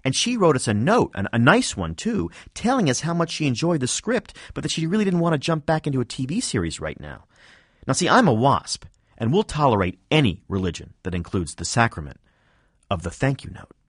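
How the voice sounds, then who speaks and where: A man's voice: mid-range voice, big pitch swings, fairly quick, slightly rough, no room sound, clean studio sound. A man reading his scripted radio commentary with wry, self-deprecating humor.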